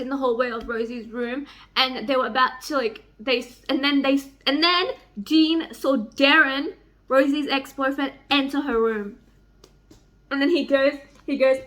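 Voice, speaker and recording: A young woman with a high, sharp, bright voice, gushing to camera as she reads and reacts. She jumps into squealing highs and swears freely, recorded on a simple camera mic at home. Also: moderate pace. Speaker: book vlogger. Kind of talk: emotional reading vlog, reading passages aloud. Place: home, near a microwave.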